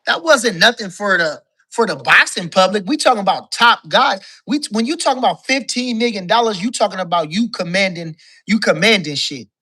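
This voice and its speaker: A man's voice: sits high, animated, fairly quick, hardly any pauses, sharp tone, slightly rough. A man calling in as a guest to a boxing talk show, ranting in casual, profane talk and hammering the same points again and again. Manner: profane, emphatic, repeats his points. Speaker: guest caller, boxing commentator.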